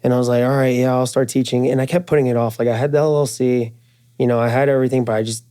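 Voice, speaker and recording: A man chatting in an interview at a trade show, full of slang, fillers and the odd swear. His voice is mellow and mid-pitched. He jumps up in pitch when he quotes friends, then drops back to an easy, rambling flow. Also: rapid-fire, smooth. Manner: animated, acts out quoted friends in raised voice. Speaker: guest, firearms and jiu-jitsu instructor. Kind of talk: casual interview storytelling.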